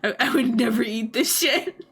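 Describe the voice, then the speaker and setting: Bright, lively young woman streamer. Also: fairly high pitch, moderate pace, husky. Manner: animated, laughs often, swears casually. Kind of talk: casual livestream commentary.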